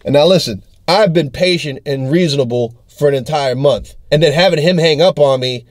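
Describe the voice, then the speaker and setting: A man's voice: on the high side, moderate pace, few pauses, darkish tone, dry recording, studio quality. A young adult man, a touring comedian, telling an angry, profane story in a video diary and acting out the texts and calls. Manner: angry, profane storytelling that acts out text exchanges.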